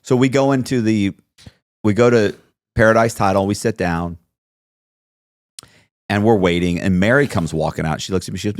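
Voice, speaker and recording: A man with a low voice tells his story at a relaxed, conversational pace, jumping up into quoted voices as he plays out old exchanges. The recording is close and dry, with no room sound behind him. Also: normal speed, pauses often, dry recording. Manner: animated storyteller acting out both sides of conversations. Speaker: podcast guest telling his story. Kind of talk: casual storytelling interview.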